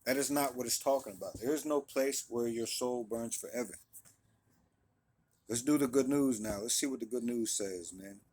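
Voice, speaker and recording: A man with a mid-range voice gives an informal Bible lesson. He reads the scripture plainly, then unpacks it in easygoing everyday speech, peppered with quick check-ins to his audience. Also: medium pitch, darkish tone, breathy edge. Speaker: Bible teacher. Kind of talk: casual Bible study teaching.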